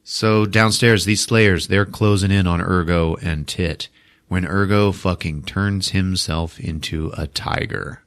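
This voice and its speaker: A man's voice: low voice, fairly even intonation, slow, fairly bright tone. A man hosting a podcast, retelling a film in a casual, profane way and laughing often, recorded on a podcast microphone. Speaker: podcast host. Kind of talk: comic film recap.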